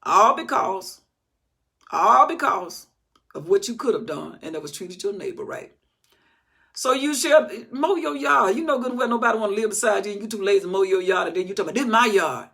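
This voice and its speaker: A woman's voice: medium pitch, fast talker, a bit bright. A woman teaching the Bible in an emphatic, scolding, repetitive way.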